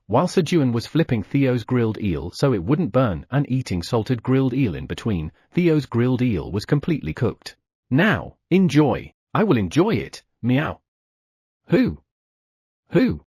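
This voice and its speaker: A man narrating an audiobook in a lively storytelling manner, voicing the sound effects. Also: medium pitch, breathy edge, dry recording, studio quality. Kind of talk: scripted narration.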